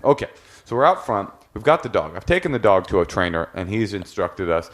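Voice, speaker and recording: Lower-pitched man telling a comic story. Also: brisk. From Oakland, California. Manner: animated, profane, self-mocking. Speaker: podcast host. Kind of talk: comedic storytelling.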